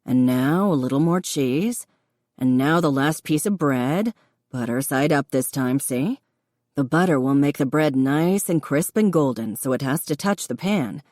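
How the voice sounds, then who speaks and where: A laid-back young man talks a friend through a recipe, patient and encouraging, as a woman narrator puts him on. The voice sits low and deep. It is a dry, close audiobook read. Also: lively intonation, unhurried, no echo. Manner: patient, encouraging, gently instructive. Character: easygoing young man, patient cooking teacher.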